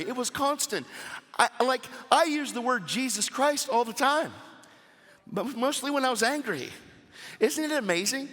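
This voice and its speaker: A man preaching a sermon at a church service, animated and casual, with slangy asides to the crowd. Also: extremely high pitch, long reverb tail.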